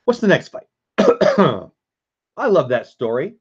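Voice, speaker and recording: A man's voice: fairly high pitch, sing-song, unhurried, darkish tone, husky, dull audio. A man hosting a casual live stream, chatting with viewers and answering chat as he goes.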